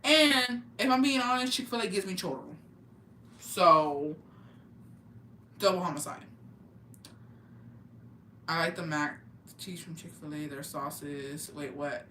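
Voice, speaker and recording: Bright, foul-mouthed young storyteller. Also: mid-range voice, slow pace, pauses often, far from the mic, slight background noise. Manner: profane, animated storytelling with slang and Spanish words. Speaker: podcast co-host. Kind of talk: casual chat. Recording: roomy, off-mic with faint ambience.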